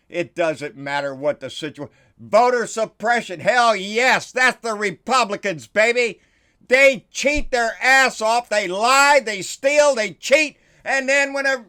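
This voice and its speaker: A man's voice: on the high side, bright, forceful tone. Fiery profane man ranting. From Texas. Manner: profane, fiery, sarcastic, calls listeners "baby". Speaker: political vlogger. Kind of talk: heated political rant.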